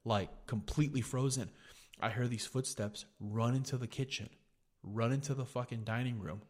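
A young man hosts a podcast, spinning a story in a laid-back, profane way and dropping "dude" constantly. His voice is medium-pitched and darkish, with a steady tone at normal speed.

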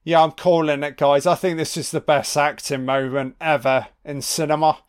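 A man giving a casual watch-along film commentary, full of excitable, profane reactions. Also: a little high, moderate pace, clear, resonant tone.

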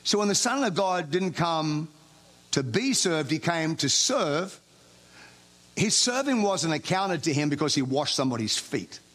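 Man, pastor, sermon, high-pitched, conversational, informal preaching. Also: big pitch swings, a little slow, fairly bright tone.

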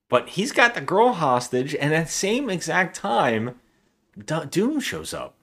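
Brief: male podcast co-host, casual, animated plot recap with lively swings in pitch. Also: measured pace, gravelly. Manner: animated retelling of a plot, acting out bits. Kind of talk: casual chat.

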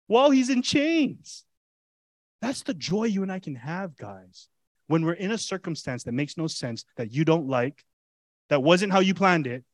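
A male pastor preaching an animated, conversational sermon full of rhetorical questions to his congregation. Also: high voice, no room sound.

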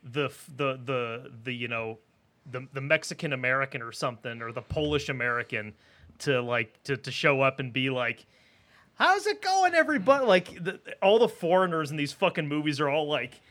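A man's voice: mid-range voice, a little fast, a bit bright. A man co-hosting a casual film podcast, loose and swearing freely with many restarts. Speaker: podcast co-host.

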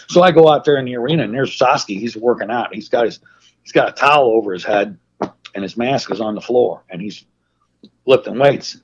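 A man being interviewed as a guest, telling animated, profane stories in casual chat. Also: medium pitch, breathy edge. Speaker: guest, wrestling manager. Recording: muffled lo-fi sound.

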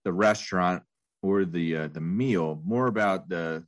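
A man's voice: low-pitched, measured pace, highs cut off. A man co-hosting a podcast in casual chat, laughing often and rambling through his stories with restarts. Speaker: podcast co-host.

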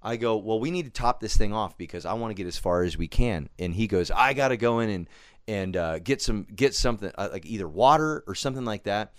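Profane, animated man telling a story. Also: lowish voice, brisk, clean tone, no echo. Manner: profane, animated storyteller who acts out his own quotes. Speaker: podcast guest. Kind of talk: casual storytelling. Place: studio.

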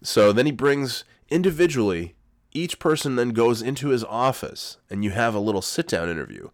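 A man's voice: medium pitch, expressive, moderate pace, dry recording, clean studio sound. A young man telling a rambling, self-mocking personal story in casual talk, swearing freely.

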